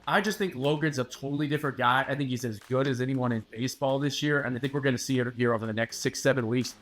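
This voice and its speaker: A male sports reporter guests on a casual podcast chat. His voice sits in a middle pitch. He lays out his views in a measured, confident way with steady emphasis.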